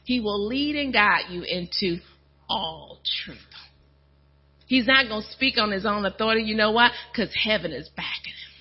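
A husky, middle-aged woman preaches a testimony to her church, lively and full of playful asides. The recording is muffled and lo-fi. Her pitch sits in an ordinary middle range for a woman. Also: normal speed. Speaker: first lady of a church, preaching. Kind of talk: sermon testimony.

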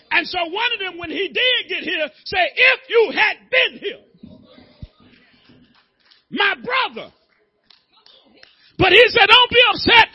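A male pastor preaching a sermon, talking casually with the congregation, then building to shouted, sung-out preaching. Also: extremely high pitch, muffled recording. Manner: conversational, calls on congregation members. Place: church.

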